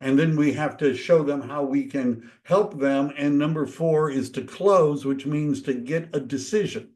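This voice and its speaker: A man teaching a real estate training, talking casually and acting out quick dialogues with homeowners. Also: on the high side, darkish tone. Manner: conversational, acts out dialogues. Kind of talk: training talk.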